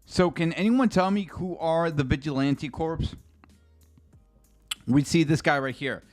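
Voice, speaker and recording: A man's voice: fairly high pitch, measured pace, faint music behind. A man streaming a casual live reaction, rambling and chatty, swearing freely and talking straight to his chat.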